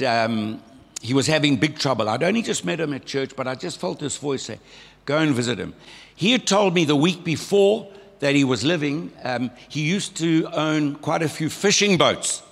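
A man's voice: medium pitch, a bit bright. Older South African man, throaty storyteller with a frog in his throat, giving church testimony. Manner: folksy storytelling, acting out remembered voices. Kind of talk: conversational testimony sermon. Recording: long hall reverb.

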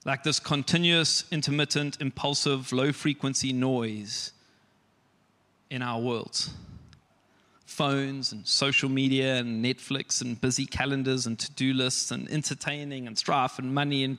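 Bright-voiced male preacher in a hall. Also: medium pitch. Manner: earnest, builds emphasis with pauses and quiet shushing. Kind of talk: sermon. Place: church.

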